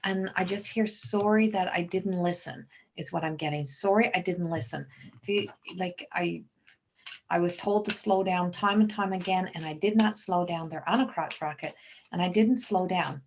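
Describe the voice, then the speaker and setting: A woman's voice: lowish voice, moderate pace, slight background noise. Woman giving a rambling psychic reading. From Newfoundland, Canada. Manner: rambling, trailing off and restarting, relaying messages. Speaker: psychic medium. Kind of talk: live-stream reading.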